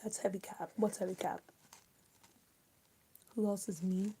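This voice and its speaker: A woman's voice: mid-range voice, fairly even intonation, a little slow, husky. Chatty young woman live-streaming. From Maryland, US. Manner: chatty, answers viewer comments out loud. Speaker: livestream host. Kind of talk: casual live-stream chat while eating.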